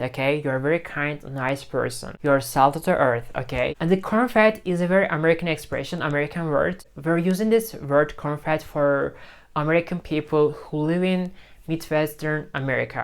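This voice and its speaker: A man's voice: on the high side, clear, resonant tone. Chatty man giving a casual English lesson. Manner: chatty, repeats phrases with lots of "okay?". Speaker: English-learning YouTuber. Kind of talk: casual teaching to camera. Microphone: phone camera.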